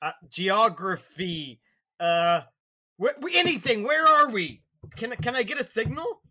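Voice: medium pitch, very animated, a little slow, sharp tone. A player speaking in character in a tabletop game, wry and stammering.

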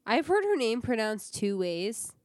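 A woman's voice: on the high side, sing-song, measured pace, darkish tone, dry recording, clean studio sound. A woman co-hosting a casual podcast, talking in a rambling way with many fillers. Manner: filler-heavy, rambling, laughs easily. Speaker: podcast co-host. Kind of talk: casual chat.

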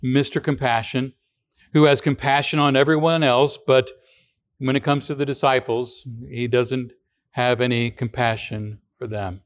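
A man's voice: mid-range voice, steady tone, measured pace. Man preaching a conversational sermon. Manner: conversational, with rhetorical questions and frequent restarts. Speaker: pastor.

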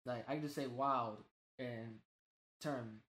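Man, casual podcast co-host, slangy, swears a lot, animated, roomy echo. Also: medium pitch, slow. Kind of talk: casual gaming podcast chat.

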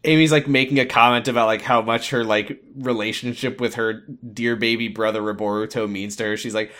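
A man co-hosting a casual recap chat, sarcastic, reading scenes aloud with quick mock quotes. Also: mid-range voice, steady tone, a bit bright. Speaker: podcast co-host.

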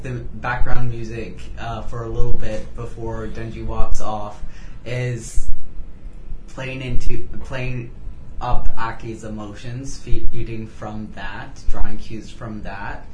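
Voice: mid-range voice, roomy sound, noisy background. A podcast co-host in casual chat, rambling with restarts and laughing often.

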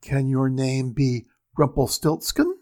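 A man voicing a clever young queen in a storybook reading, slow and teasing, with a husky voice. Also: mid-range voice, big pitch swings, a little mellow, dry recording, studio quality, exaggerated voice.

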